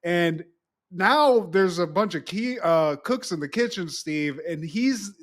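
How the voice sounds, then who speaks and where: A man's voice: high voice, lively intonation, slow, a bit bright. A man co-hosting a podcast, animatedly retelling a TV episode in casual chat and swearing freely. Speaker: podcast co-host.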